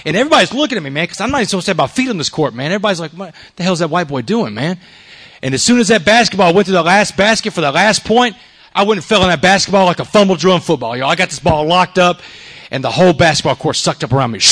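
A man's voice: fairly high pitch, fairly bright tone. A man from Texas with a Southern accent telling his life story to an audience, emphatic, tossing in "man" and "y'all". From Texas, USA.

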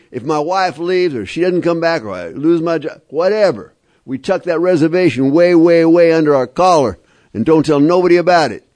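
A man's voice: a little high, a little mellow. A man giving a personal recovery talk to a live group, telling his story in an emphatic, repetitive and wry way. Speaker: speaker at a recovery meeting.

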